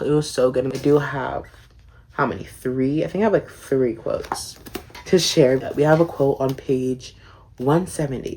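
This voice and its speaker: A man chatting through a book review in an unscripted vlog style, full of gushing enthusiasm and endless "like" fillers. His voice sits at an ordinary middle pitch, with a faint hiss of noise behind him. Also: darkish tone.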